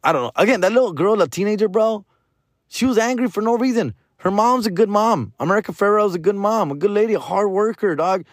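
A man, a comedian hosting a podcast, rants casually about a movie in an animated, slangy, exasperated way, dropping bits of Spanish slang. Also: high-pitched, fast talker, no echo, clean studio sound.

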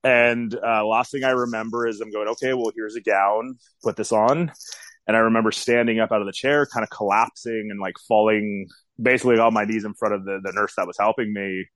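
Candid low-voiced man in his forties. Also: a bit bright, dry recording. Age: 40s. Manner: candid, rambling with many fillers. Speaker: guest telling his story. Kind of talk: casual interview storytelling.

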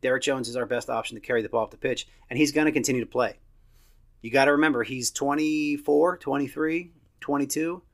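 A man in his thirties talks through a soccer match on his own, blunt and opinionated. He swears casually and sounds like he is chatting from the couch. His pitch sits in the ordinary middle range for a man. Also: fairly even intonation, brisk. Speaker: soccer podcast host. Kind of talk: casual solo match review.

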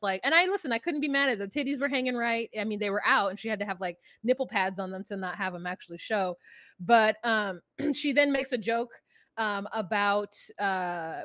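A woman co-hosting a podcast talks through a reality show episode in loose, chatty recap style. She scatters fillers and asides as she goes. Her voice sits a little high and sounds close and dry. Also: a bit bright, dry recording. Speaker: podcast co-host. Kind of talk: casual recap chat.

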